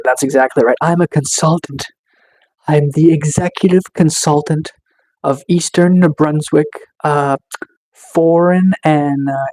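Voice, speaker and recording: A man casually chatting on a livestream, reading chat and answering slowly with lots of fillers, just getting over a cold. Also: on the high side, darkish tone, low-quality recording. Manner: slow, laid-back, chill delivery with many fillers. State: recovering from a cold.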